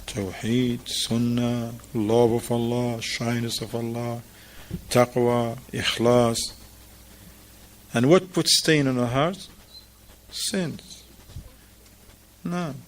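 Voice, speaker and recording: This man teaches an informal mosque class in non-native English, questioning his students and repeating what they answer. He speaks slowly, at medium pitch, with fairly even intonation.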